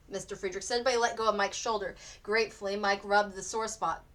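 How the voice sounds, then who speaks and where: A woman teacher reading a novel aloud for students in an expressive storybook narration. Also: medium pitch, fairly quick, few pauses. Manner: expressive, acts out the characters.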